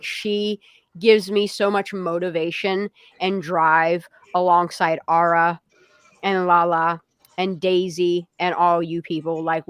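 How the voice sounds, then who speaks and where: A woman's voice: lowish voice, smooth, dry recording. A woman hosting a casual livestream, talking bluntly and heatedly and swearing freely. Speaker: livestream host.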